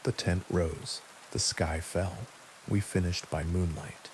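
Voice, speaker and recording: A man reading a scary bedtime story aloud in a calm, steady storytelling manner. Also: deep voice, slow, a little hiss or hum, low-quality recording. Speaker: narrator. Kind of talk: scripted horror narration for sleep.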